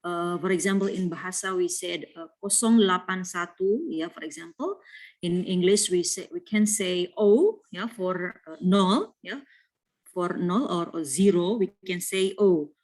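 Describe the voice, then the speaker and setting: Slow, hesitant Indonesian woman teaching. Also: lowish voice, darkish tone. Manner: hesitant, many fillers, slow. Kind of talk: classroom lesson explanation.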